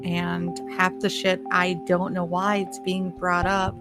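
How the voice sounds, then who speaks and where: A woman's voice: lowish voice, monotone, slow pace, over music. A woman hosting a solo podcast, ranting bluntly with heavy swearing and laughing at her own points. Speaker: podcast host. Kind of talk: casual solo podcast rant.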